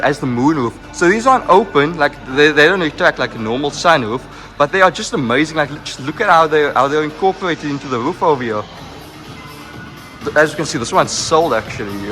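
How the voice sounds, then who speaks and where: A young man narrating a walkaround tour of a car showroom, full of excitement, repeating himself and leaning on "like" and "look at". He talks into a handheld camera mic indoors. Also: mid-range voice. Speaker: car vlogger.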